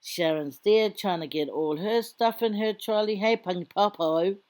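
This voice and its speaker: A woman's voice: medium pitch, unhurried, darkish tone. A middle-aged woman, a mother, doing a casual, playful voiceover for her shopping vlog with teasing asides. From Samoan community in Australia. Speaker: vlogger, mother. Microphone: voiceover mic.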